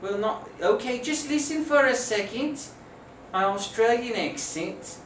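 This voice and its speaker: A man hosting a goofy homemade comedy skit, taking his time with slow, deadpan back-and-forth lines. He sounds distant from the mic in an echoey room. A faint hiss of noise sits under the voice. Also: very high voice. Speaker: comedy show host.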